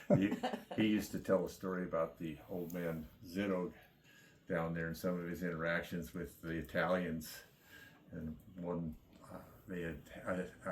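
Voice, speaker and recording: A man reminiscing about his father in casual family talk, halting and chuckling as he goes. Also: deep voice, a little hiss or hum.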